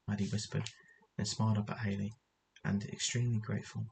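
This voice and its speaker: A man narrates a story aloud in a low, even voice that barely rises or falls. He trips over words now and then and goes back to fix them, with a faint hiss in the background. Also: brisk, creaky, hardly any pauses, low-quality recording. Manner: reads with frequent stumbles and self-corrections.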